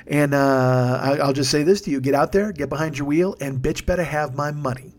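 A man's voice: a little high, fairly quick, hardly any pauses. A man hosting his podcast late at night, a tired, yawning stand-up comedian rambling through show plugs with lots of swearing and self-mocking jokes. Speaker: podcast host.

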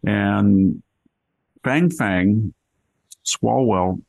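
A man's voice: on the low side, very slow, gravelly, a little mellow, dry recording. An older man, a guest in a casual conversation, telling a rambling, wry anecdote.

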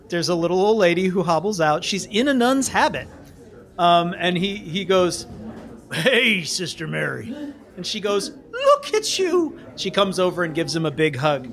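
Male game master, high voice, casual rambling narration. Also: fairly bright tone. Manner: casual, meandering, with fillers.

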